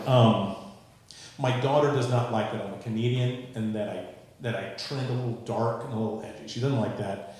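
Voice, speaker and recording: A man's voice: medium pitch, lively intonation, fairly quick, very noisy. Dry-witted male comic in an echoey room. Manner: dry, self-mocking, dark punchlines. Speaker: stand-up comedian. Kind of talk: stand-up comedy set. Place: comedy stage before a live audience.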